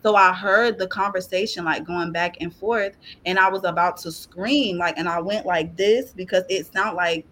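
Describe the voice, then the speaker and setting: A woman's voice: lowish voice, moderate pace, few pauses, fairly bright tone. A woman guest on a podcast giving a personal faith testimony. She talks in an earnest, emotional way and fills her sentences with "like". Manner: earnest and emotional, heavy use of "like".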